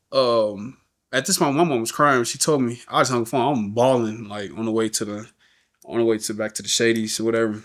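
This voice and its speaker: A man's voice: mid-range voice, a bit bright. A middle-aged man, a podcast guest, telling an emotional story in slangy everyday talk, often saying "you know what I'm saying" and acting out the voices of people in it.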